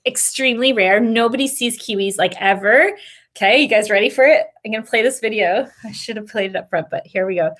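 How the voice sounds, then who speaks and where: A middle-aged woman from Canada hosting a casual family live stream, telling animated stories with quick asides. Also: fairly high pitch. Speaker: family travel channel host.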